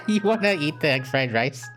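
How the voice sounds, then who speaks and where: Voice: medium pitch, expressive, normal speed. A streamer casually chatting to their chat while playing a horror game, with frequent giggles. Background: game music.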